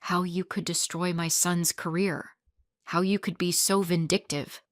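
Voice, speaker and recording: A woman voicing an uneasy, defensive middle-aged woman who talks haltingly. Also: fairly low pitch, level tone, no room sound, studio quality, close to an everyday voice.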